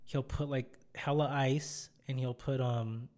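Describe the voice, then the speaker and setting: A man's voice: medium pitch, steady tone, measured pace, darkish tone. A young man, hosting a podcast, chatting casually and acting out the voices in his stories. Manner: rambling storyteller, acts out quotes. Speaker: podcast host. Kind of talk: casual chat.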